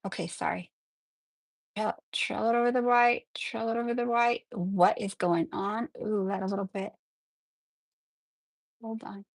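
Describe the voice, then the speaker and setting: A woman hosting a live nail tutorial in a chatty, excitable way, often apologizing as she works. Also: mid-range voice, a little slow, long pauses, no echo. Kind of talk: casual live-stream tutorial.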